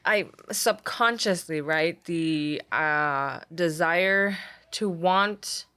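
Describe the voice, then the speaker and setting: She talks very slowly, her pitch fairly low and her tone clean. A young woman from Puerto Rico who teaches language arts, she's a casual, chatty interview guest who leans on "like" constantly and turns animated when quoting someone.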